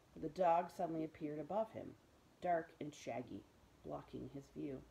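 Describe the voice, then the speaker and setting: A woman librarian reading a children's book aloud in a gentle, expressive storytelling voice. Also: sits low, normal speed, creaky, rough recording. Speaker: school librarian.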